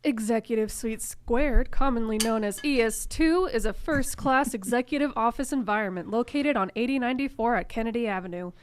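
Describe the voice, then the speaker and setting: A woman's voice: fairly high pitch, brisk, hardly any pauses. A woman co-hosting a podcast, reading a sponsor ad with laughs and teasing. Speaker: podcast co-host. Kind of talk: casual ad reads.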